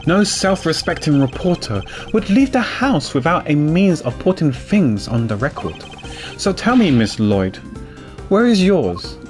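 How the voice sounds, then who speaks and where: A man's voice: a little high, very animated, a little slow, soft background music, pitched above the performer's own voice. Man doing a pompous formal prosecutor. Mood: cool. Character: cool, formal male prosecutor, proud.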